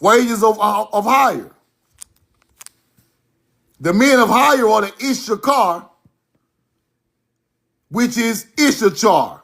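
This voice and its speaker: Slow, emphatic man lecturing over slides. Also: sits high, gravelly, fairly bright tone. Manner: emphatic, repeats points, directs slides.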